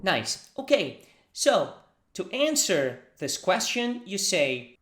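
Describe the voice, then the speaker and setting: A man's voice: a little high, big pitch swings, measured pace, fairly bright tone. A Brazilian man with a Brazilian accent teaches Portuguese phrases in English, patiently drilling them for the listener to repeat. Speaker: language teacher. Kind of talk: language lesson. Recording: roomy echo.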